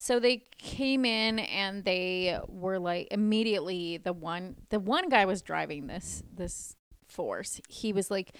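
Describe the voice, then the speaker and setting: A woman co-hosting a casual podcast, telling an animated story, acting out the dialogue and laughing often. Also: mid-range voice, unhurried, clear, resonant tone. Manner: acts out quoted dialogue. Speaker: podcast co-host.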